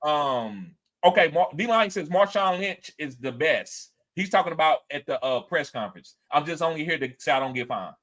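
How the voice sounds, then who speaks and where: A man hosting a casual sports talk show, animated, acting out quotes in a higher voice and reading chat comments aloud. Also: moderate pace, few pauses. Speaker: podcast host.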